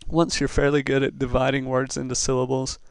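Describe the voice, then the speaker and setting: A Spanish teacher gives a recorded lesson slowly, patiently and methodically, at medium pitch with a completely flat delivery. His voice is gravelly yet smooth and resonant, and the sound is dry, close-miked and free of echo.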